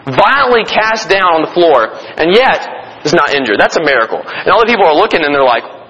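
Guy preaching a sermon, high voice, talks straight to the congregation, echoey hall, muffled recording. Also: big pitch swings, a little fast, hardly any pauses, sharp tone. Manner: emphatic, conversational, addresses the congregation directly. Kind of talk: sermon, Bible teaching. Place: meeting room or church. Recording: dull lo-fi sound with long hall reverb.

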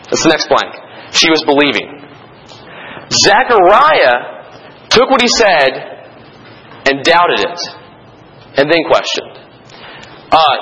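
A young man leading a classroom Bible lesson, telling it conversationally with animated restarts. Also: a little high, low-quality recording. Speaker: Bible study teacher.

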